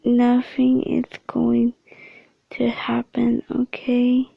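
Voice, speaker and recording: A woman voicing a gentle male dog who comforts softly, in a whispered role-play. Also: fairly high pitch, monotone, extremely slow, vocal fry, husky, no room sound, dull audio, heavily acted. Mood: comforting. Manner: soft, reassuring.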